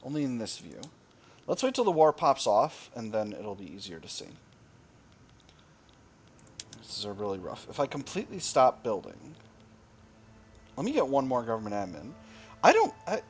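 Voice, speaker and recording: A man's voice: medium pitch, big pitch swings, normal speed, pauses often, faint music behind. A man commenting on a strategy game he is playing, thinking aloud with dry, wry asides. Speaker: gaming video host.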